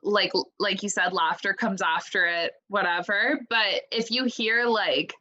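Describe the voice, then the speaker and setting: A woman's voice: mid-range voice, unhurried, sharp tone, lo-fi sound. A young woman co-hosting a podcast, chatting casually and filling her talk with "like" and "you know". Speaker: podcast co-host. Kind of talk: casual chat.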